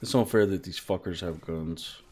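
A man's voice: deep voice, normal speed, a little mellow. A young man live-streaming a video game, chatting with viewers between bursts of swearing at the game. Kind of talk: casual live gameplay streaming.

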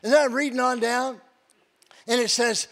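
An older man acting as guest preacher gives a sermon with personal testimony, acting out quotes and laughing as he tells his own story. His voice is very high and a bit bright, with a steady tone and moderate pace.

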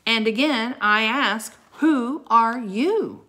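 A woman voicing a proud grown king who answers sternly and shouts in anger. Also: mid-range voice, lively intonation, a little slow, voice pushed up.

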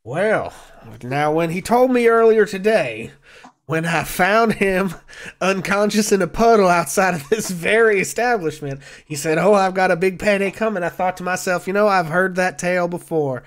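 A man's voice: high-pitched, normal speed, close to an everyday voice. A man voicing a folksy male tavern patron who talks in a wry, rambling way.

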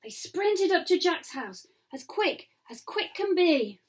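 Slow sing-song woman reading aloud. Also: very high voice, big pitch swings. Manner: sing-song rhyming, soft asides to children. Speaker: children's author reading her book. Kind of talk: storytime picture-book reading.

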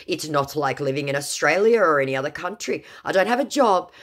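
A touchy young man running a romance scam, as a woman voices him, pitched high above her usual voice with a lot of swing in it. He is indignant and boastful, and his English is broken. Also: animated, brisk, fairly bright tone. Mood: puzzled. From Nigeria. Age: 20s. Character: young male romance scammer, touchy and defensive.

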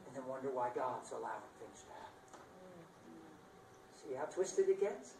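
A man preaching a sermon with dramatic swings between loud bursts and hushed lines, playful and laughing at himself now and then. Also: mid-range voice, expressive, normal speed, gravelly, background noise. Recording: roomy sound picked up from a distance.

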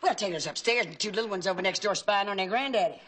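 An actress playing a chatty aunt in a sitcom, fussy about pronunciation. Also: female voice, medium pitch, very fast, close to an everyday voice. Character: gossipy talkative Southern aunt, middle-aged. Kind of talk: sitcom acting. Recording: noisy old TV audio.

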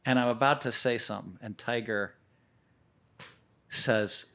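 Male guest, mid-range voice, excitable anecdotal storyteller, profane and repetitive. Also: medium pitch, a little slow. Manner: animated, profane, repeats words as he restarts. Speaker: poker player guest. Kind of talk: casual storytelling.

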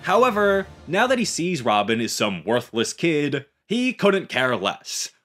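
A man narrating a scripted, enthusiastic story pitch as a channel host. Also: sing-song, measured pace, fairly bright tone, soft background music. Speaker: YouTuber pitching a game story.

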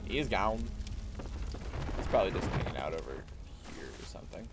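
Animated man streaming a video game. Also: low voice, normal speed, creaky, very noisy. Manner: chatty, talks to viewers while playing, jumps between hype and mumbling. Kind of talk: live gameplay commentary. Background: game music.

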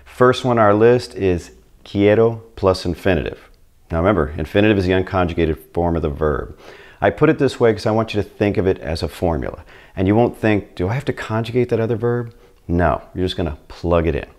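A man's voice: deep voice, animated, a little fast, a little mellow. A man whose first language is English, teaching beginners in an upbeat video lesson and speaking straight to the learner. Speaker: Spanish teacher.

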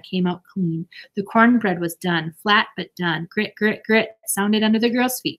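A woman narrating a children's storybook, reading steadily and expressively. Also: mid-range voice. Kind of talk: storybook read-aloud.

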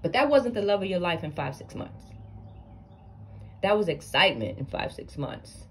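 A woman with a lowish voice and tells a story to camera. She is blunt and sassy, and she lectures the people in the story as if they were in front of her. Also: moderate pace. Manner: animated, blunt, sassy, addresses people directly. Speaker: storytime vlogger. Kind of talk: casual storytime commentary.

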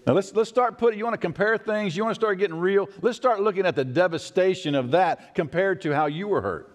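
Preaching man in a reverberant church. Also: a little fast. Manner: expressive, acts out quoted voices with rising pitch. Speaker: pastor. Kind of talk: sermon. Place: church sanctuary. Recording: long church hall reverb.

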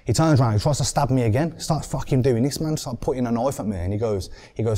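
A young man with a Birmingham accent, a podcast guest telling a story in an animated way, swearing often and acting out what people said. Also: medium pitch, fast talker, hardly any pauses. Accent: Birmingham English. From England.

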